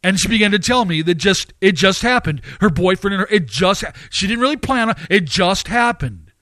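High-pitched guy preaching hard, repeats himself a lot, dry close sound. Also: expressive, fairly quick, sharp tone, no echo. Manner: emphatic, with repeated phrases and rising outbursts. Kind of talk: sermon.

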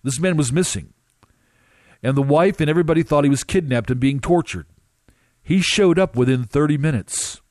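A man recounting a dramatic first-person testimony as a minister, emphatic and halting, with drawn-out pauses. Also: a little high, a little mellow, no echo, clean studio sound.

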